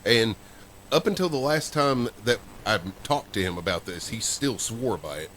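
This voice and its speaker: A man's voice: mid-range voice, sing-song, normal speed, a bit bright, slight background noise. A man co-hosting a podcast, telling a story in a rambling, casual way. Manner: rambling storyteller with fillers and restarts. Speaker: podcast co-host.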